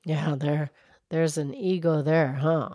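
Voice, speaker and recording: A woman voicing a gentle, motherly cow friend on a children's podcast, speaking in a soft, slow and hushed way. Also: low-pitched, fairly even intonation, dry recording, studio quality. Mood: approving.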